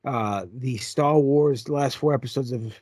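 A man's voice: medium pitch, moderate pace, a little mellow, husky, dry recording, studio quality. A man hosting a casual podcast, reading out news items in a loose, stumbling, joking way. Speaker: podcast host.

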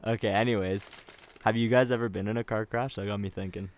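Young male host with a lowish voice, dry and teasing, keeping the casual chat moving. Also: fairly even intonation, fast. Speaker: podcast host.

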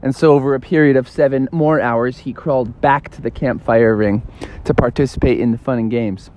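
A man's voice: medium pitch, steady tone, fairly quick, lo-fi sound. A young man improvising a silly story in a playful, rambling way, with fillers and tangents.

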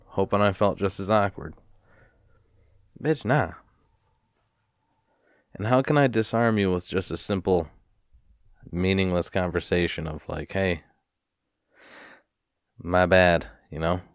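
Deep-voiced man ranting profanely. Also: clean tone, dry recording, clean studio sound. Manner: profane, storytelling, animated retelling. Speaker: podcast host. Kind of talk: casual rambling rant.

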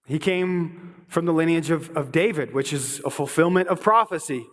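A man with a notably high voice delivers an earnest sermon, stumbling over and repeating words as he builds each point. His voice rings out with a long reverb, as in a church hall. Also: normal speed, fairly bright tone. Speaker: pastor.

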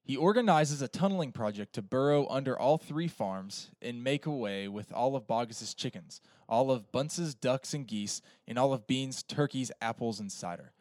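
A man's voice: medium pitch, expressive, normal speed, few pauses, darkish tone, no echo, clean studio sound. A man on a film podcast reading a plot summary and adding casual remarks with fillers. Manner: reads the plot steadily, with fillers when he ad-libs.

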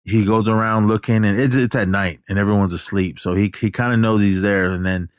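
A man's voice: on the low side, steady tone, brisk, dry recording, clean studio sound. A man casually retelling a movie plot in a loose, rambling way, full of fillers and the odd curse. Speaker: movie recapper.

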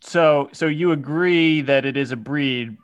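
A man's voice: a little high, measured pace, very noisy. A man co-hosting a casual podcast chat, easygoing and hesitant when guessing. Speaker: podcast co-host.

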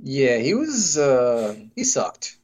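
A man's voice: mid-range voice, wildly swooping pitch, takes it slowly, a little mellow, breathy edge. A man co-hosting a podcast in casual banter, wisecracking, swearing and laughing often. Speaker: podcast co-host.

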